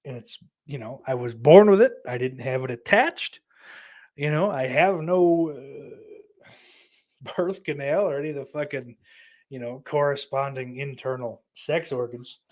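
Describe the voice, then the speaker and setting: Young male podcast host, casual livestream chat, rambling and profane, medium pitch. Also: a little slow, a little mellow. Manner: rambling, profane, self-deprecating.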